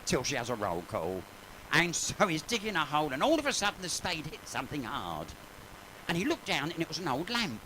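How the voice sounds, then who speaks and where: A man's voice: a little high, huge pitch swings, brisk, background noise. A man doing live bawdy comic patter in a pub, camp and gossipy, and he swears freely. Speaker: cabaret comedian and singer. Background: piano accompaniment.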